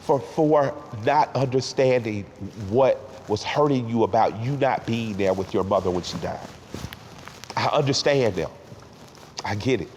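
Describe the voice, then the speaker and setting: A middle-aged man from Atlanta, talking candidly and emotionally in a sit-down interview, with halting restarts. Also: mid-range voice, darkish tone. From Atlanta, Georgia. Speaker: interview guest. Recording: roomy hall with faint background noise.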